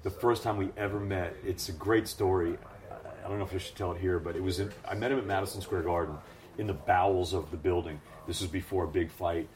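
A man who works as a ring announcer, telling stories in a lively, animated way during a casual interview. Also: low voice, fast. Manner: animated storyteller, acts out voices.

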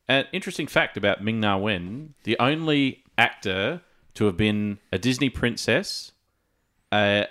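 A man's voice: lowish voice, bright, forceful tone. A man co-hosting a casual gaming podcast, telling stories in a chatty way and laughing at his own jokes. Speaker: podcast co-host.

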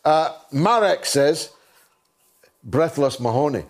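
Older man, talk show host, sardonic monologue, slow delivery, high voice. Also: lively intonation. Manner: wry, sardonic.

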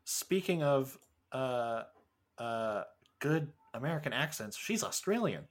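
A man co-hosting a podcast in loose, casual chat. His pitch sits at an ordinary middle level. He rambles, laughs easily and swears freely. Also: expressive, slow. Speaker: podcast co-host.

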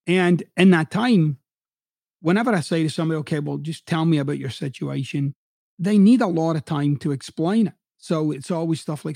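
A middle-aged podcast host who used to coach delivers a blunt, profane motivational monologue with heavy emphasis. His voice is on the high side, gravelly and a little mellow, at a moderate pace, in a dry, studio-quality recording.

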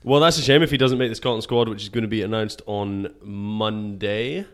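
Low-voiced man hosting a casual chat. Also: normal speed. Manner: relaxed, joking, trails off with fillers. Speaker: podcast host.

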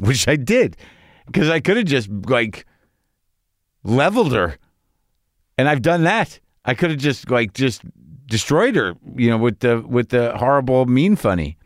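A man's voice: medium pitch, very animated, measured pace, no echo, studio quality. Rambling, profane middle-aged man. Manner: rambling, profane, restarts and trailing thoughts. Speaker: podcast host. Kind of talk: casual monologue.

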